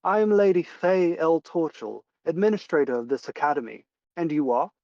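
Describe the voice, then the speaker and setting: A man's voice: fairly high pitch, lively intonation, normal speed, darkish tone, dry recording, lo-fi sound. A man voicing a prim, formal woman who runs an academy, in a tabletop game. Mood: courteous. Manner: formal, courteous.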